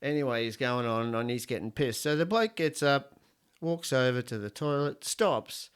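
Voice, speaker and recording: Speaking in a clean, mid-range voice at a moderate pace, this middle-aged Australian podcast host is animated as he rambles alone through crude jokes and opinions. He swears a lot throughout the casual monologue.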